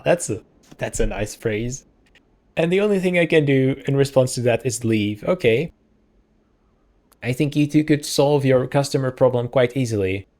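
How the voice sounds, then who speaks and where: A man's voice: mid-range voice, darkish tone. A man hosting a let's play, musing and hesitant as he thinks aloud through casual gameplay commentary.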